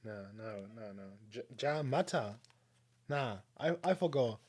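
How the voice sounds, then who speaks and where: A man's voice: on the low side, lively intonation, moderate pace, darkish tone. A man casually chatting alone on a livestream, rambling with many fillers and restarts. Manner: rambling, self-deprecating, lots of fillers. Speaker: streamer. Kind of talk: casual solo stream chat.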